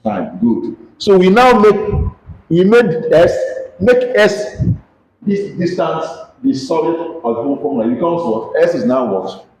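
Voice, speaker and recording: A man with a Nigerian English accent leads a classroom physics lesson, pressing his students with questions and pushing them to speak up. His voice sits a little high and moves up and down a lot. The room is echoey. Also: very animated, a little slow, darkish tone. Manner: questioning, coaxing students to answer aloud. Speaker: physics teacher.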